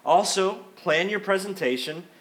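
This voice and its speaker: A middle-aged male pastor preaches in a church, talking to the congregation in a conversational, emphatic way. His voice sits a little high for a man, and he acts out everyday quotes as he goes. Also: measured pace, fairly bright tone. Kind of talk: sermon. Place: church sanctuary.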